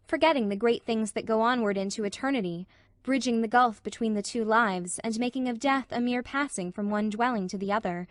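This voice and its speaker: A woman narrating a classic novel as an audiobook in measured, even storytelling. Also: a little high, no room sound, clean studio sound. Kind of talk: scripted narration.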